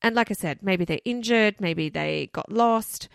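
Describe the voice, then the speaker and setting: A woman's voice: mid-range voice, a little slow, gravelly, no room sound, studio quality. A woman co-hosting a podcast, telling a case in a chatty, loose way full of asides. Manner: chatty, loose, many "you know" and "like" asides. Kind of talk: casual storytelling chat.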